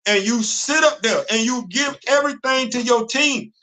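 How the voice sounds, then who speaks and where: A high-voiced man rants animatedly at a normal speed while hosting a casual livestream. He repeats himself, laughs often, and leans heavily on slang.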